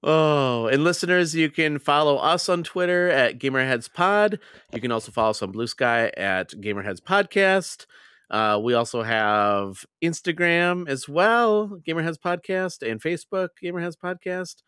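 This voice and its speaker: Chatty male podcast host, lively pitch. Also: normal speed, clear, resonant tone, no room sound, clean studio sound. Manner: upbeat, chatty sign-off with fillers. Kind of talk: casual podcast chat.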